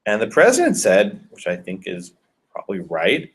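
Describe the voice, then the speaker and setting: A man's voice: deep voice, huge pitch swings, moderate pace, breathy edge. A male law professor giving a conversational classroom lecture and questioning his students.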